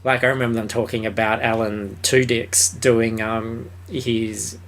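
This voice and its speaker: A man's voice: fairly low pitch, little pitch movement, measured pace. A man co-hosting a film review podcast, talking in a loose, rambling way with fillers, restarts and casual swearing. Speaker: podcast co-host.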